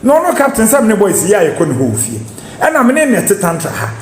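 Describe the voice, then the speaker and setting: A man's voice: high-pitched, huge pitch swings, fast. A man with a Ghanaian accent commenting heatedly, with hesitations and fillers. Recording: echoey room with faint noise.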